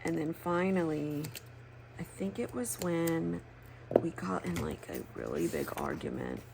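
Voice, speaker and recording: A woman's voice: sits low, very animated, measured pace, creaky, very noisy. A woman, chatting candidly while crafting, rambling and swearing freely. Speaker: planner crafting vlogger. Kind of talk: casual chat while crafting.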